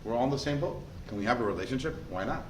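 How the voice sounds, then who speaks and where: A man, a rabbi, giving a lively class, quizzing students and telling stories in an animated way. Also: medium pitch, racing. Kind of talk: lively lecture with questions to students. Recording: echoey room, faint background noise.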